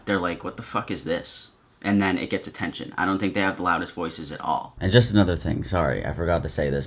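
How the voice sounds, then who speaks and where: Low-voiced man, sarcastic vlog commentary. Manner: sarcastic, joking asides. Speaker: video creator.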